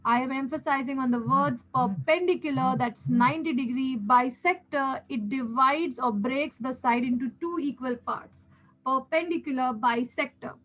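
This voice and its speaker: A woman's voice: sits high, moderate pace, hardly any pauses, fairly bright tone, low-quality recording. A woman with an Indian English accent, teaching a geometry lesson step by step, patiently repeating key steps and checking in with her students. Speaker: maths teacher.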